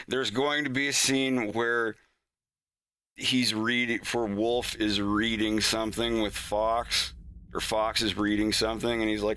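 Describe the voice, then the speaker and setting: Bright-voiced man rambling on a stream. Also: fairly low pitch, flat delivery, a little slow, clean tone. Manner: rambling, laughs often, acts out characters' lines. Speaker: animator streaming his work. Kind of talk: casual stream chat.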